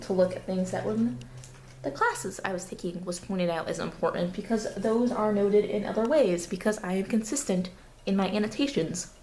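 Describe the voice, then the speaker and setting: A young woman, a student who also babysits, vlogs at home indoors, rambling casually about her studies and cooing baby talk to a toddler. Her medium-pitched voice is a little mellow, captured by a camera on a table in a roomy space with slight background noise.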